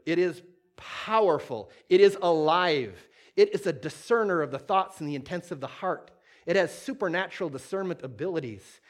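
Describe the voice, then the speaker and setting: A man with a high voice preaches a sermon. He is middle-aged and tells a homely story, laughing along and putting on little voices for its characters.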